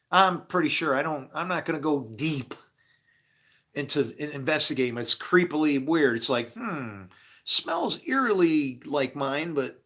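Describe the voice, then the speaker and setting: A man talks through his faith in a loose, rambling monologue. His voice sits a little high and swings widely up and down. He swears freely and slips into acted-out snippets of conversation. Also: creaky, bright, forceful tone. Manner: swears freely, acts out imagined dialogue, laughs often. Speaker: spiritual speaker.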